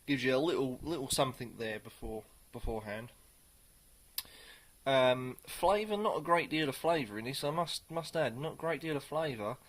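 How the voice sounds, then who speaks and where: Guy chatting through a beer tasting, hesitant, lots of pauses, mid pitched. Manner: rambling, hesitant, many pauses. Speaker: beer reviewer. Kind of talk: casual beer tasting review.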